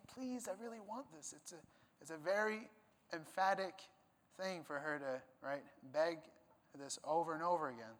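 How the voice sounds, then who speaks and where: A man's voice: a little high, fairly bright tone, long reverb tail. A man preaching a sermon, explaining a passage emphatically, with some fillers and restarts. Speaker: pastor.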